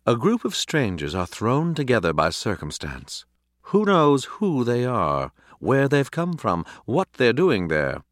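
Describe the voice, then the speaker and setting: A man voicing a theatrical, paranoid male house cat in a storybook reading, smooth one moment and hysterical the next. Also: mid-range voice, wildly swooping pitch, unhurried, dry recording, studio quality, voice pushed up. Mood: dramatic.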